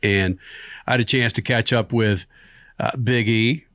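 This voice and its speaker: A man hosting a sports talk show, playful and quick to laugh. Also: medium pitch, no room sound, studio quality. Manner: laughs easily, lively and playful. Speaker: sports radio host.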